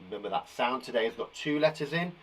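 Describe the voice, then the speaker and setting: A man teaching young children a live phonics lesson, encouraging them warmly and sounding out letters slowly. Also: mid-range voice, lively intonation, a little hiss or hum, poor audio. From England. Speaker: primary school teacher.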